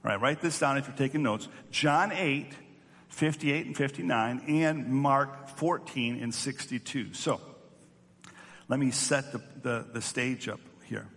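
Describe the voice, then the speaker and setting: A man's voice: medium pitch, a little slow, a bit bright. A male pastor giving an earnest teaching sermon, often repeating words as he restarts. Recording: long hall reverb.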